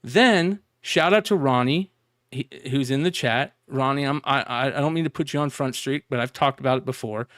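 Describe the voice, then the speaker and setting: A man's voice: mid-range voice, moderate pace, no room sound, clean studio sound. A man telling stories on a casual podcast, swearing freely and acting out the conversations he recounts. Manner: animated storytelling, profane, acts out quoted exchanges. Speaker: co-host.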